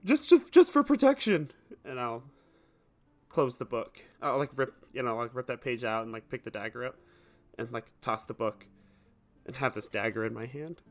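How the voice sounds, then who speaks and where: A man's voice: mid-range voice, steady tone, fairly quick, a bit bright, soft background music. A man describing his moves as a player in a tabletop game, with hesitant fillers and restarts. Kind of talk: casual tabletop game talk.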